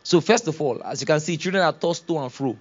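A man's voice: a little high, expressive, fast talker, slightly rough, lo-fi sound. A man preaching a sermon, acting out quoted voices and laughing often. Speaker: pastor.

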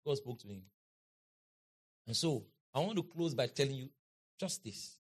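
A man preaching a sermon in an auditorium, leading the crowd in call-and-response and building to shouts and chants. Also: medium pitch, animated, normal speed, breathy edge. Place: large auditorium.

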